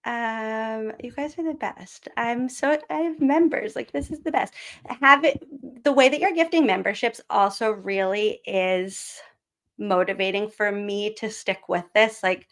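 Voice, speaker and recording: A woman's voice: a little high, a little slow. Chatty lady on a live stream, lots of ums and likes, giggly. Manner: chatty, rambling with fillers, giggly. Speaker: live-stream host, former teacher. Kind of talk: casual live-stream chat and read-aloud.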